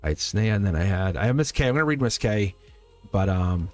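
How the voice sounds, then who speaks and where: A man's voice: fairly low pitch, expressive, fast talker, a little mellow, faint music behind. A man hosting a live-stream tarot reading in a loose, rambling, encouraging way, often checking in with his viewers. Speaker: tarot reader and channel host.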